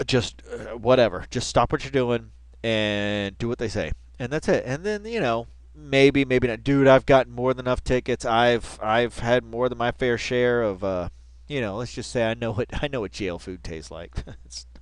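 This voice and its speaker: A man's voice: mid-range voice, normal speed, clear, resonant tone, no echo. A man hosting a reaction video, talking in a casual, rambling, profane way full of slang.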